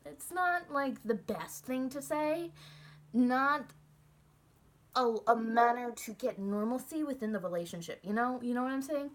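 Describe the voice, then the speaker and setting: A woman's voice: fairly high pitch, animated, measured pace. A young woman talking candidly in a casual personal monologue, chatty and open, laughing at herself now and then. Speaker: student sharing recovery story.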